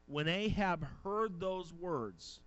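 A man's voice: sits high, lively intonation, slow pace, fairly bright tone, dry recording. Man preaching a sermon, lo-fi recording. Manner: reads King James scripture aloud, then exhorts the congregation. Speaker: pastor. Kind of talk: sermon with scripture reading.

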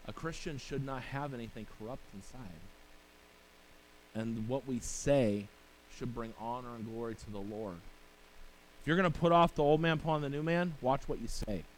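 A male pastor preaches conversationally at medium pitch and normal speed, often asking "right?" and adding rhetorical questions and asides. He reads scripture aloud in King James wording, on a low-quality recording with slight background noise.

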